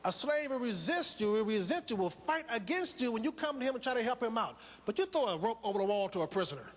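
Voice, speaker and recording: Male motivational speaker, high voice, preacher-like cadence, reverberant hall. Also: big pitch swings, fast. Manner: preaching, rhetorical questions, repetition. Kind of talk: motivational speech to a live audience.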